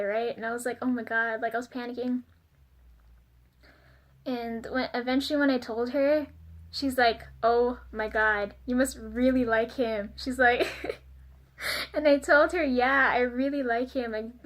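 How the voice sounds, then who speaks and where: A young woman with a high-pitched voice chats through a casual confessional vlog. She talks in a loose, rambling way, leaning on fillers like "like" and "um". She giggles often and gets flustered and self-conscious. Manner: chatty, giggly, lots of fillers like "like" and "um". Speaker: vlogger.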